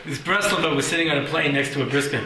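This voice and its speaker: A man's voice: on the high side, fast talker, reverberant, very noisy. A man teaching a Torah class, telling stories with jokes and acted-out voices and often checking in with "yeah?".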